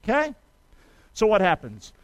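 High-voiced folksy preacher, dry sound. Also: male voice, wildly swooping pitch, unhurried, no echo, poor audio. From United States. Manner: folksy, storytelling, calls on the congregation to repeat after him. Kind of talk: sermon with call and response.

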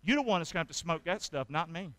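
High bright-voiced preacher, emphatic. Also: male voice, expressive, quick pace, dry recording. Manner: emphatic, asks the congregation questions and answers them himself; reads scripture aloud dramatically. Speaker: pastor. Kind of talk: sermon.

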